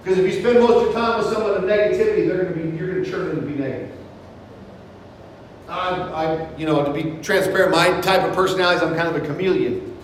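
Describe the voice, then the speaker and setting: A middle-aged male pastor preaching a sermon, earnest, slowing down for scripture quotes. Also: sits high, a little hiss or hum. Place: church sanctuary. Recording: echoey hall, mic in room.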